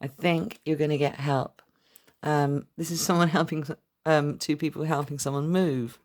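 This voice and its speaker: A woman's voice: deep voice, fairly even intonation, moderate pace. A woman giving a casual tarot reading to camera, chatty and rambling, blunt and fond of a swear word. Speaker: tarot reader.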